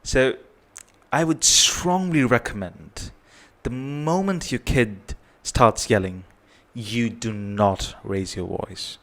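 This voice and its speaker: Earnest guy, kinda low voice, parenting tips, keeps saying right?. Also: a bit bright. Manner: earnest, repetitive, tags points with "right?". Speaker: parenting advice presenter. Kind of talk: advice talk to camera.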